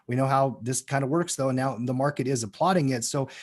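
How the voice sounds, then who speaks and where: A man's voice: mid-range voice, fast talker. A man hosting a live stock market show, chatting casually and directing his co-hosts. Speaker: show host.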